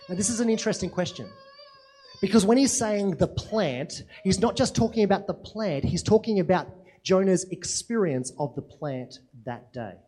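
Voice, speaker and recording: A man's voice: high voice, expressive, moderate pace, dark tone, a little hiss or hum. A man preaching a sermon in a conversational way, often asking rhetorical questions and checking in with "right?".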